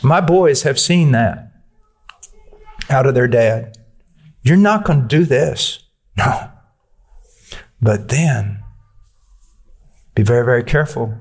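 A man's voice: medium pitch, animated, slow, pauses often. A man preaching a sermon, blunt and personal in the way he talks.

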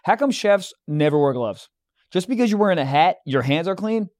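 A man's voice: high voice, animated, a little fast, darkish tone, no room sound, studio quality. A young man co-hosting a comedy podcast, riffing in a brash, profane way. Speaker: podcast co-host. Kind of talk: crude comedy podcast banter.

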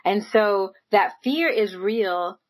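A woman's voice: mid-range voice, slow, low-quality recording. A woman giving an earnest, encouraging motivational talk, speaking casually with frequent "like" and "right?" and laughing lightly between phrases. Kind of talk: motivational monologue to camera.

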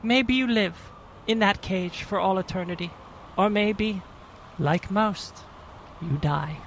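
A self-righteous prison guard who stammers through lectures and threats, as a man puts him on for a tabletop game. His voice sits high with a gravelly fry underneath, and faint noise hums behind it. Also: slow pace, a bit bright, heavily acted, low-quality recording. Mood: threatening. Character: pompous stammering male prison guard, middle-aged. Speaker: game master. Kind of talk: in-character tabletop role-play.

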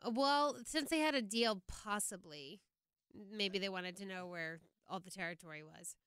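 A woman's voice: medium pitch, moderate pace, a bit bright, clean tone, no echo, clean studio sound. A woman co-hosting a podcast, chatting casually about a TV episode, reacting with swearing and frequent laughs. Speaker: podcast co-host.

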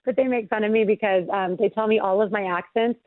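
A woman's voice: medium pitch, steady tone, fast, dry recording. A woman radio host chatting over a phone call, bubbly, laughing and emphatic, a little congested. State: congested voice from allergies. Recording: tinny phone line, dry.

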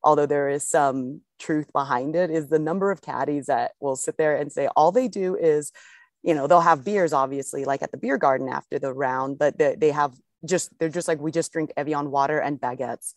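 A woman's voice: low-pitched, moderate pace, no room sound, studio quality. A young woman, a pro golfer co-hosting a podcast, chatting casually in a rambling, easygoing way with frequent laughs.

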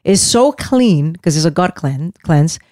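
A woman in her fifties with a Puerto Rican Spanish accent, co-hosting a casual podcast, expressive and self-deprecating. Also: low-pitched, a little slow, no echo, clean studio sound. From Puerto Rico. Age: 50s. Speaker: podcast co-host. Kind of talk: casual chat.

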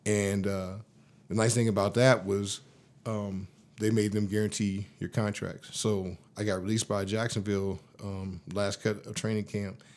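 Slangy low-voiced man telling stories. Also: normal speed. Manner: loose, slangy and profane, animated retelling. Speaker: guest, former pro football lineman. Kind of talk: casual storytelling interview.

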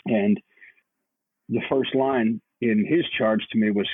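A male podcast co-host chatting in a halting, earnest way, often repeating words as he gets emotional. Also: on the low side, steady tone, dry recording. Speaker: podcast co-host, Navy chief. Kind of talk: casual chat. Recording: husky voice over a tinny phone-like line.

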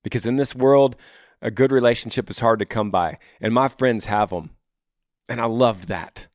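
A man's voice: mid-range voice, normal speed, no echo, studio quality. Blunt, earnest male podcast host. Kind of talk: casual advice podcast.

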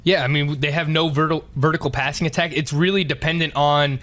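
A man's voice: a little high, fairly even intonation, brisk, a bit bright, a little hiss or hum. A man chatting casually about football, often repeating words as he works toward his point. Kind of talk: casual sports chat.

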